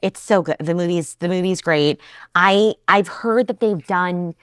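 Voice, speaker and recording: A woman's voice: on the low side, unhurried, smooth, no room sound, clean studio sound. A woman from New Jersey co-hosting a casual podcast chat, enthusiastic and chatty with frequent fillers. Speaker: co-host.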